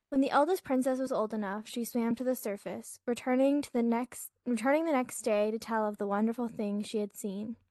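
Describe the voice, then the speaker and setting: A woman, a podcast host, reading a fairytale aloud in a soft, hushed way, lifting her voice as each new scene begins. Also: on the high side, no room sound. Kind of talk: gentle storybook reading.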